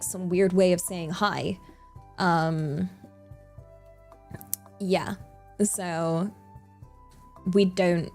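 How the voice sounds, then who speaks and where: Slow, rambling young British woman. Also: lowish voice, darkish tone. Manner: rambling, full of "like" fillers, laughs often. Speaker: streamer. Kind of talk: casual livestream chat.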